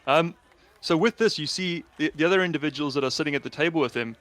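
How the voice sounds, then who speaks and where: A man's voice: on the high side, fast talker, fairly bright tone. A man running a tabletop game as game master, narrating in a loose, chatty way over a call. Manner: loose, chatty, with many fillers and repeats.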